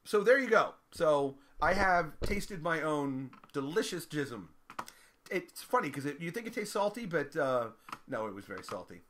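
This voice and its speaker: A middle-aged man telling a raunchy story in an animated, profane way, laughing often. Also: on the high side, moderate pace, slight background noise.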